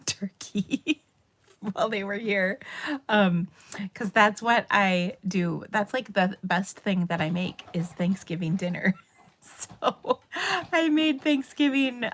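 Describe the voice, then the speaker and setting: A middle-aged woman from Minnesota hosts a papercraft livestream in a chatty, rambling way. Her Minnesotan accent and a slightly low voice carry an easy, talkative style, with fillers and laughs along the way. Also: slight background noise. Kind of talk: casual livestream chat.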